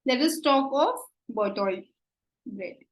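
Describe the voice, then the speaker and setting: A woman with an Indian English accent giving an exam coaching lecture, slow and deliberate, often checking with "right?". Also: high-pitched, expressive, echoey room, rough recording. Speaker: teacher.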